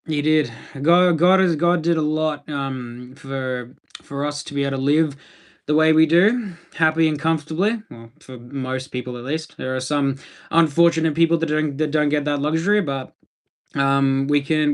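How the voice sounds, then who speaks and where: Laid-back Australian man, fairly high voice. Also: clear, resonant tone. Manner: laid-back, rambling, answering viewer comments. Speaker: livestreamer. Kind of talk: casual livestream chat.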